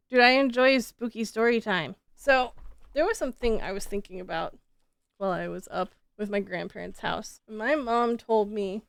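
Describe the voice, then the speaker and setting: A woman's voice: mid-range voice, normal speed, gravelly, fairly bright tone, clean tone, no room sound. A woman streamer chatting casually with her viewers, rambling and laughing often, with frequent casual swearing.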